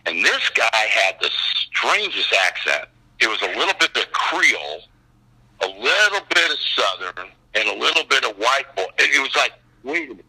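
A man talking as a guest, telling animated stories and acting out other people's voices. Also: medium pitch, moderate pace, breathy edge, low-quality recording. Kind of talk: animated anecdotal storytelling.

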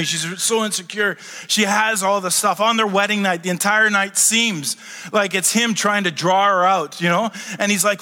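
A middle-aged man preaching a sermon, animated and humorous, rising to excited shouts as he teaches. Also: sits high, moderate pace, in a large hall. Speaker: pastor.

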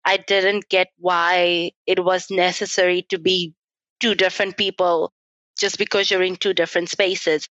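A young woman with a South African accent talks through her past in an unhurried, measured way, breaking into laughter now and then. Her voice sits a little low. The recording is dry and slightly muffled. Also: level tone, fairly bright tone, no echo. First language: Afrikaans. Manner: reflective, laughs often, measured. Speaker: guest. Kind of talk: casual interview conversation.

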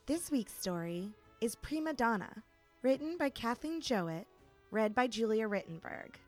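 A woman's voice: fairly high pitch, big pitch swings, moderate pace, faint music behind. A woman host reading a scripted, upbeat podcast introduction.

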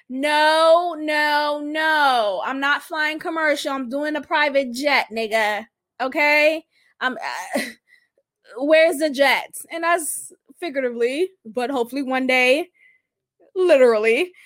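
A young adult woman hosting a casual solo podcast, talking emphatically and often tagging her points with "right?". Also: high voice. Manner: emphatic and animated, keeps asking "right?". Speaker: podcast host.

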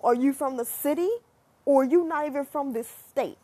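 A young American woman talking casually to her viewers, chatty and animated, swearing freely as she muses. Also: high-pitched, normal speed. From United States. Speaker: vlogger. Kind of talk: casual monologue to camera.

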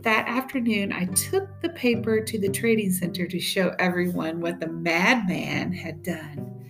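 A woman teacher reading a memoir aloud in a steady, measured storytelling voice. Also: fairly low pitch, music in the background.

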